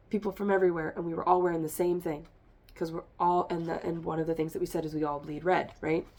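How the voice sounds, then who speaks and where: A woman's voice: lowish voice, mellow. A woman giving a rambling, emphatic tarot reading, speaking straight to her listeners, a little congested. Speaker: tarot reader. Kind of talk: spiritual reading monologue.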